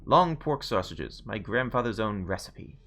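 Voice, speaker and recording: A man's voice: lowish voice, animated, fairly bright tone, a little hiss or hum. Chuck, a man doing a creepy lisping innkeeper. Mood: sinister. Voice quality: lisping, odd word stress. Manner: slow, overly cheerful and polite. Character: creepy grinning male innkeeper-butcher with a lisp. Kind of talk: video game dialogue reading.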